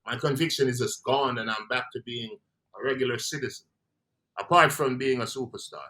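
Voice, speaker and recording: A man's voice: medium pitch, a little fast, pushed and bright. A man with a Jamaican accent, a guest in a casual interview, talking in a laid-back way and trailing off between phrases.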